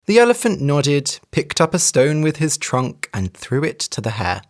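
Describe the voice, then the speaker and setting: Expressive storyteller reading to English learners. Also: mid-range voice, moderate pace. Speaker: English teacher.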